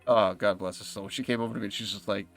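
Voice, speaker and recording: A man's voice: on the low side, fairly even intonation, fast, faint music behind. A young man livestreaming a game, telling rambling, profane stories and laughing often. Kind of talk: casual chat while gaming.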